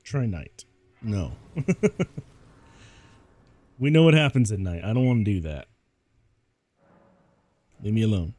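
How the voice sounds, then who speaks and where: A man's voice: on the low side, big pitch swings, takes it slowly, pauses often, dark tone. A man giving casual gameplay commentary as a VTuber, rambling and laughing often at himself.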